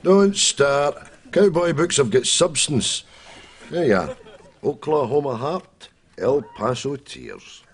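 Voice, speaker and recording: A man's voice: mid-range voice, animated, slow. An actor playing a cantankerous older Scottish man who rambles and argues, with a Scottish accent. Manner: rambling, argumentative, hesitant. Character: cantankerous old Scottish man, Jack, cowboy book fan.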